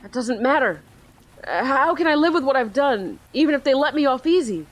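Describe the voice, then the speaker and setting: A woman's voice: high-pitched, lively intonation, brisk, pitched above the performer's own voice. A woman voicing a distraught sixteen-year-old boy from a video game, pleading and broken-up as she reads his lines. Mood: hopeless. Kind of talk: reading game dialogue aloud.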